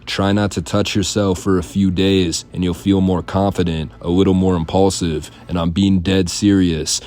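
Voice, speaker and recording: Deep-voiced man doing sarcastic commentary. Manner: mocking, deadpan. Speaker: commentary channel host.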